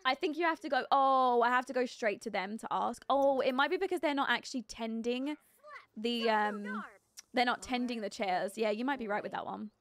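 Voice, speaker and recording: A woman's voice: on the high side, moderate pace, a bit bright, a little hiss or hum. A young woman chatting casually while live-streaming a life-sim game, giggly and full of fillers as she greets viewers and reacts to the game. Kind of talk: casual gameplay commentary.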